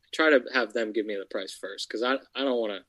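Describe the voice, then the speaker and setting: A man's voice: fairly low pitch, fast talker, a bit bright, low-quality recording. Blunt, profane man talking shop. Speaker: real estate investor. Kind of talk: casual podcast chat.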